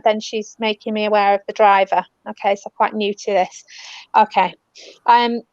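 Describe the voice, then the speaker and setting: British woman medium, gentle and soothing, slightly high, muffled dry recording. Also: no room sound. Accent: British English. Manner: gentle, soothing, calls people love and darling. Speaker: spiritual medium. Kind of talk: live online reading. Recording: dull, dry lo-fi audio.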